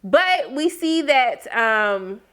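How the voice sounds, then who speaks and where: Woman TV reviewer, casual recap; high voice that swings all over, slangy and animated. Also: extremely slow, smooth. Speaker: TV episode reviewer.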